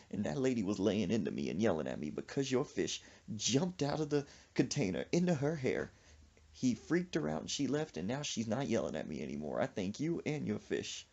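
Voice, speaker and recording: A man voicing a weary, soft-spoken female cashier who talks in a quiet, low-key way. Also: creaky, slightly rough, muffled recording, heavily acted.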